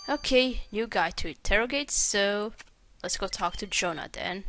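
Bright-voiced woman playing a game. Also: medium pitch, expressive, normal speed, soft background music. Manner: casual, laughing at herself. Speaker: gamer. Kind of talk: casual let's play commentary.

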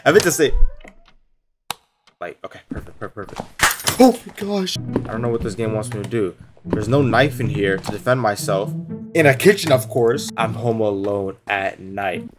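A young man playing a horror game on his channel, jumpy, swinging between nervous muttering and sudden shouts. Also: fairly low pitch, expressive, normal speed, long pauses, over music. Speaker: gaming YouTuber. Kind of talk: horror game let's play commentary.

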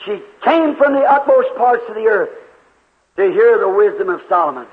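A man preaching a revival sermon, telling a dramatic story and voicing the people in it, rising now and then to a shout, recorded in a large church hall. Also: sits high, lively intonation, moderate pace. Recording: tinny old phone-like tape, long hall reverb.

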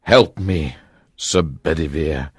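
A man voicing a wounded, dying old King Arthur, slow and deep, giving commands wearily. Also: husky, no room sound, studio quality, exaggerated voice. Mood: weary commanding.

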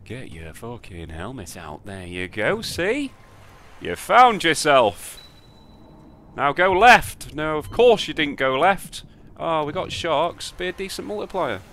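A man's voice: fairly high pitch, very animated, slow pace, fairly bright tone. A man with a British accent giving sweary, sarcastic commentary on his own slot spins, muttering to himself between outbursts. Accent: British English. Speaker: slot streamer. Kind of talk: casual live slot commentary.

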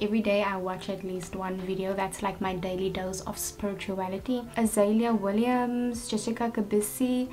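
A young woman talks through a relaxed get-ready-with-me vlog at home. Her voice sits at a medium pitch and she keeps it chatty, breaking into animated bursts here and there. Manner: chatty, voice turns animated now and then. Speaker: vlogger. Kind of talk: casual get-ready-with-me chat. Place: at home while getting ready.

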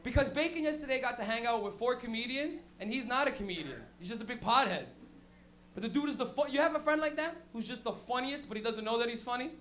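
A young man doing a loose, crude stand-up set on a comedy club stage with an animated storytelling manner. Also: extremely high pitch, fast talker, a little hiss or hum.

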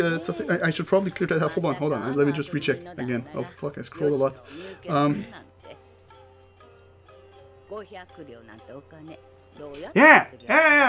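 A man's voice: sits high, expressive, normal speed, long pauses, pushed and bright, faint music behind. A man casually commenting while playing a video game, rambling, swearing and laughing often. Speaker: let's play host.

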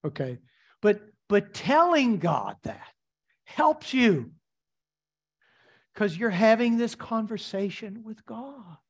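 Emphatic preaching man, fairly high voice. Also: big pitch swings, slow pace, pauses often, slightly rough. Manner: emphatic preaching with repeated lines and rhetorical questions. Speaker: pastor. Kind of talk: sermon.

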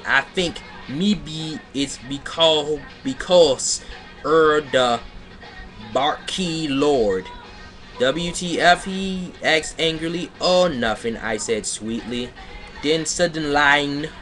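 Slow sarcastic man reading badly written fiction. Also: mid-range voice, a bit bright. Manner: sarcastic, breaks off to rant and laugh. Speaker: reader mocking a fan fiction. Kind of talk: comedic dramatic reading with commentary.

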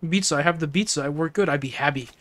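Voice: medium pitch, very fast, a bit bright, voice pushed down, close to an everyday voice. A streamer reading the lines of a struggling foreign woman from a video game, speaking broken English and swapping "j" sounds for "y". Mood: pleading.

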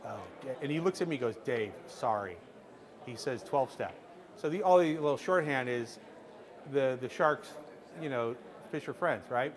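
A middle-aged man telling a lively behind-the-scenes story to a workshop audience, acting out what people said, with frequent restarts. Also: medium pitch. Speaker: screenwriter speaking to a workshop audience. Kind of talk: animated storytelling anecdote.

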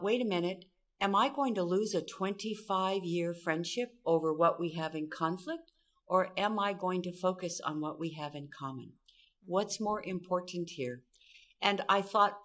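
Middle-aged woman from Southern California, animated expert guest, acts out dialogue. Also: lowish voice, a little slow. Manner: animated, acts out quoted voices. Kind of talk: storytelling interview talk.

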